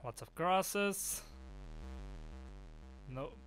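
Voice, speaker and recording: Man shouting through a horror game. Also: high voice, expressive, extremely slow, soft background music. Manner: swears and shouts in sudden startled outbursts. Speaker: gaming channel host.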